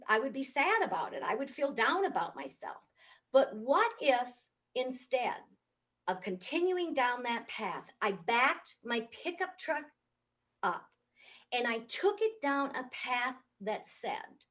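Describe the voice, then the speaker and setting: Animated American woman storyteller. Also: a little high. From United States. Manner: animated, comic, swoops up for punchlines. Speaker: motivational speaker. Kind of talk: storytelling keynote talk.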